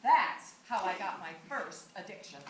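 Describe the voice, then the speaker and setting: A woman performing an animated storytelling monologue on a theatre stage, often laughing as she talks. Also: mid-range voice, normal speed. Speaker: actor in a solo play. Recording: echoey theatre audio from far off with loud room noise.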